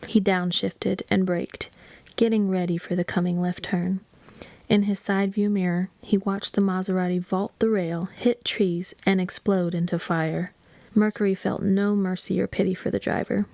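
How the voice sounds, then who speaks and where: Woman audiobook reader, gravelly edge, dry close recording, steady narration. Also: mid-range voice, moderate pace, dry recording.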